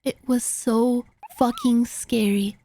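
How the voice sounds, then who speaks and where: A young woman streamer telling a story in casual chat, animated and full of fillers and swearing, acting out the lines of the people in it. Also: fairly high pitch, slow. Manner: animated, filler-heavy, swearing, acts out quotes.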